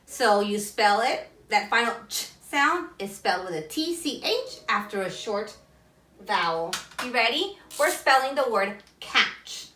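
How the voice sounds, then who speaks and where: A woman teacher giving a phonics lesson to children, sounding out letters slowly and clearly and asking listeners to say the words with her. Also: fairly high pitch, animated, pushed and bright, reverberant, far from the mic, slight background noise.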